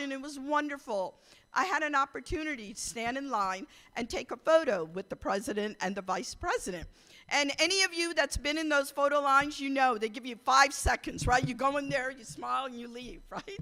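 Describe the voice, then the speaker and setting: A middle-aged woman from India, telling a lively anecdote to an audience, laughing and acting out the quotes. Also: high voice. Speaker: speaker at a political caucus event. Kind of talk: storytelling speech to an audience.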